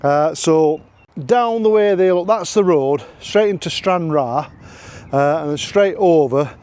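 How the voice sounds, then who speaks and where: A man's voice: fairly high pitch, measured pace, darkish tone. Jokey Yorkshire man vlogging outdoors. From Yorkshire, England. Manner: chatty, jokey, repeats phrases, laughs often. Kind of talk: casual travel vlog. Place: outdoors at a campsite.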